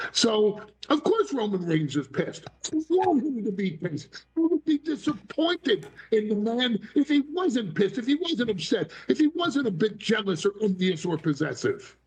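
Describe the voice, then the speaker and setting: A man's voice: sits high, very animated, measured pace, few pauses. A man talking as a talk show guest, theatrical and bombastic, acting out voices in his stories. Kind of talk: animated talk show interview.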